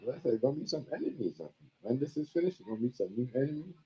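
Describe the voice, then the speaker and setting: A man's voice: mid-range voice, animated, fast talker, mellow. A man hosting a livestream, talking current events in casual slang with emphatic repetition. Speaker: livestream host. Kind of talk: casual commentary chat. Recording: dull lo-fi stream audio.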